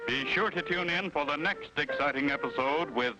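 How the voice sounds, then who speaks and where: A man announcing a 1950s cartoon serial with slow, emphatic drama. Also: a little high, music in the background. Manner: slow, emphatic delivery of the title. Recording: dull lo-fi old cartoon soundtrack.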